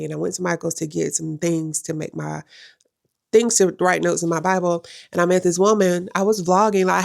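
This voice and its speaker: A woman's voice: lowish voice, vocal fry, darkish tone, dry recording, studio quality. A young adult woman vlogging at home, talking to the camera in a casual, emphatic way and repeating phrases for effect. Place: at home in her room.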